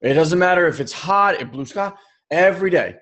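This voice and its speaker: A young adult man co-hosting a personal development podcast, telling stories in an animated way and acting out the people he quotes. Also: high-pitched, moderate pace. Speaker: podcast co-host.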